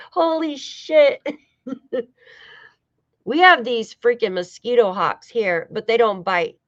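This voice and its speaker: A woman's voice: medium pitch, no room sound. A woman hosting a casual true-crime livestream, talking loosely to her chat, swearing now and then and laughing often. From United States. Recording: dull lo-fi dry sound.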